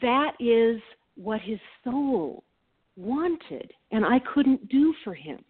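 A woman co-hosting a reflective conversation, earnest and animated, laughing often as she talks. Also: fairly high pitch, slow, husky. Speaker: co-host. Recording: tinny phone-like line.

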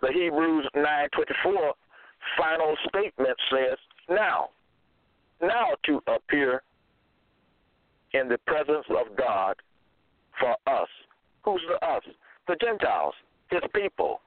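A man preaching slowly and deliberately, quoting scripture verse by verse and repeating his phrases. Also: a little high, expressive, dry recording. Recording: tinny phone-line sound, dry.

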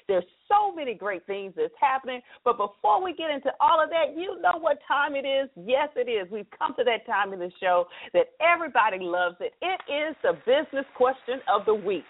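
A woman's voice: a little high, big pitch swings, fairly quick, few pauses. A middle-aged woman hosting a live internet radio talk show in an upbeat, chatty way, explaining things step by step over a phone line.

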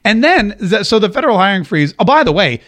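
A man with a fairly high voice hosts an offhand political talk show. He rambles and jokes, often restarting his sentences as he goes. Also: big pitch swings, fast talker, a bit bright. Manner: rambling, joking, frequent restarts. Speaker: podcast host. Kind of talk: casual political commentary.

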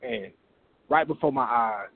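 Narrow, tinny phone audio with a little hiss or hum carries a man's mid-range, unhurried voice. He's an open mic comedian calling in, telling a profane comic story and animatedly acting out its voices.

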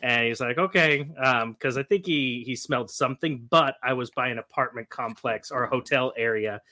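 A man from Northern California co-hosting a podcast, telling a story in a lively way and acting out the quotes. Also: medium pitch, fairly quick. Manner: animated storyteller, acts out quotes. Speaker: podcast co-host. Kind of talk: casual storytelling.

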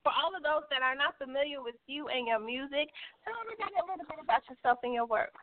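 A woman's voice: sits high, lively intonation, fast. A woman hosting a casual online interview, asking upbeat and enthusiastic questions. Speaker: host. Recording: tinny phone-like call audio.

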